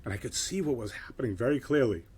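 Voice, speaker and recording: Husky middle-aged New man, blunt motivational speaker telling his own story. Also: mid-range voice, animated, fast talker, a little mellow. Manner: blunt and swearing, with emphatic "right?" tags. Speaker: keynote speaker. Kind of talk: motivational talk with personal story.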